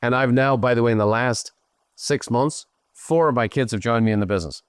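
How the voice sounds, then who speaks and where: A middle-aged Irish man hosting a show, coaching a guest in an animated, emphatic way. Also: medium pitch, fairly quick, clear, resonant tone, no echo, studio quality. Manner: animated, emphatic, slips into playful voices for others. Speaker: host and business coach. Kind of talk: live coaching Q&A.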